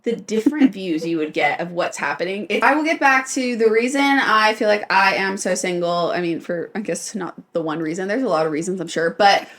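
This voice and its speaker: A woman's voice: mid-range voice, fairly quick, few pauses. A young woman from California, co-hosting a podcast and telling a story in casual chat, laughing often and acting out what others said. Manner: animated, laughing, quotes others in changed voices. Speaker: podcast co-host.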